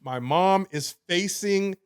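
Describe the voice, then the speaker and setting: A young man on a podcast, telling a wild story in casual chat, animated, swearing and laughing as he goes. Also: high voice, slow, clear, resonant tone. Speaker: podcast co-host.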